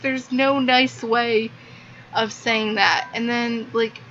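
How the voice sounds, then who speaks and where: A woman's voice: a little high, fairly even intonation, slow pace, a bit bright. A young woman gushing through a casual book review, peppering almost every phrase with "like". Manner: gushing, filler-heavy, lots of "like". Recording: muffled lo-fi with faint hiss.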